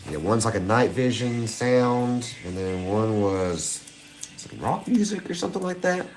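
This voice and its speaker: A man, hosting a live stream and chatting excitedly with viewers. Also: mid-range voice, unhurried, faint music behind. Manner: excitable, giddy, chats to viewers. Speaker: livestream host hunting coins. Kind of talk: casual live-stream chat.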